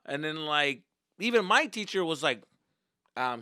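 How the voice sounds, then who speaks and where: A young comedian tells childhood stories in a bright, forceful voice, swearing freely and acting out what people said. His voice sits in a middle register. It sounds close and dry, with no room around it. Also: high-pitched, moderate pace, no echo. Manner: profane, animated, acts out quotes. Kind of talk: casual comedic storytelling.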